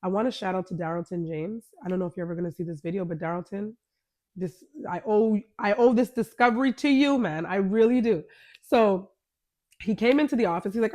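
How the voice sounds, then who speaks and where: A woman's voice: medium pitch, quick pace, a little mellow. Candid woman telling her own story. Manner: candid, conversational, retells dialogue. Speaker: podcast host. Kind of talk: personal storytelling monologue.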